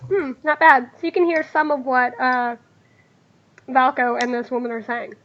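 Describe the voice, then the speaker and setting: A woman narrating a tabletop game as game master, talking in a halting way full of fillers. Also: high-pitched, fairly even intonation, fairly bright tone, muffled recording.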